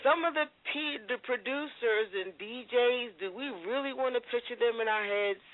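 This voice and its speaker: A man's voice: very high voice, moderate pace. A man co-hosting a talk radio show, chatting casually and giving his views. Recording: dry, phone-like radio audio.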